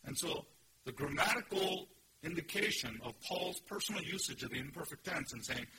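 A man's voice: fairly high pitch, animated, normal speed, background noise. A man preaching a sermon, teaching earnestly and emphatically and asking his listeners questions. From Korea. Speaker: pastor. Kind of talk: expository sermon.

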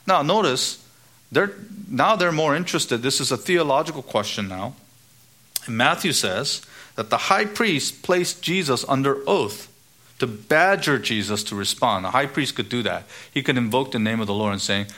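A man's voice: animated, moderate pace, pushed and bright. Emphatic male preacher. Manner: emphatic, rising for stress and dropping low on key words; quotes the scriptures. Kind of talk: sermon.

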